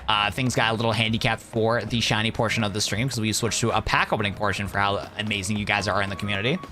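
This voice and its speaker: A man's voice: fairly low pitch, fairly even intonation, quick pace, bright, forceful tone, soft background music. A young man chatting casually on a live stream, rambling and laid-back, calling his viewers "bro".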